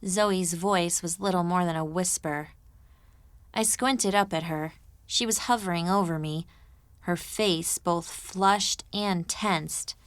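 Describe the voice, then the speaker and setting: Unhurried, smooth narration from a woman with a lowish voice, recorded close and dry in the studio. She reads in a measured, even first-person style. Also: no echo. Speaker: audiobook narrator.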